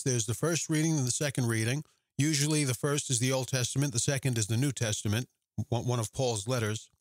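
A man's voice: mid-range voice, dry recording. A man hosting his own religious podcast, talking earnestly and conversationally, posing rhetorical questions to listeners. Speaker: podcast host. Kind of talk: solo religious podcast talk.

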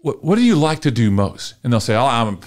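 A middle-aged man from Texas, a marketing consultant guest telling an animated, emotional story and acting out dialogue in a podcast interview. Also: medium pitch, fairly quick. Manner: lively, emotional storyteller, often acts out dialogue.

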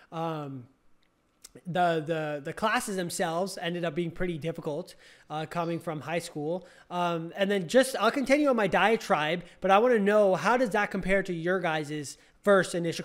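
A young man casually recounting a story, rambling with lots of fillers and restarts. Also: sits high. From California. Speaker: podcast host.

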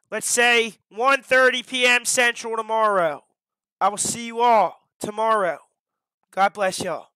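Streamer, male, very high and bright voice, strained and tired, drawn-out theatrical delivery, dry close sound. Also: smooth, no room sound. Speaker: live streamer. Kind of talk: casual live-stream chat.

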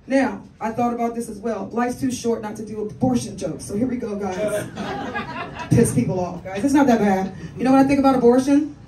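A woman's voice: mid-range voice, fairly even intonation, moderate pace. A woman in her forties from Washington, D.C., doing a brash, profane stand-up set with laughing asides. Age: 40s. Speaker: stand-up comedian. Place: comedy club stage. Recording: echoey club from a distance, crowd laughter.

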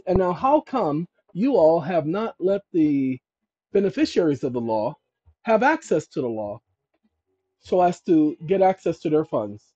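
A man hosting his own channel, walking viewers through legal paperwork on his screen in an emphatic way, often calling them "ladies and gentlemen" and checking in with "okay?". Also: high-pitched, breathy edge, no echo. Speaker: channel host giving legal advice. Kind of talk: instructional screen-share talk. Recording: dull lo-fi recording.

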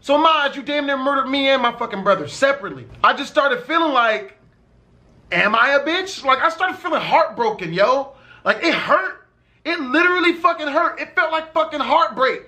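High, bright-voiced young man, swearing. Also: animated, moderate pace. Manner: profane, emphatic, swears constantly. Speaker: vlogger telling a personal story. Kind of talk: casual story time.

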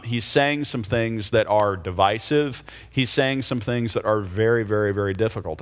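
A man leading a Bible study, explaining scripture in a casual teaching style and often checking in with his listeners. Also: mid-range voice. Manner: explains patiently, checks in with frequent "okay?" and "right?".

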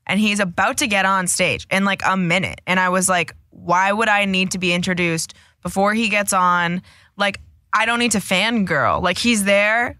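Young boston girl cohosting, bright voice, super chatty and rambly, dry mic. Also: medium pitch, dry recording. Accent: faint Boston. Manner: chatty, rambling, many likes and fillers. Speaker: podcast co-host. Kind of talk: casual chat.

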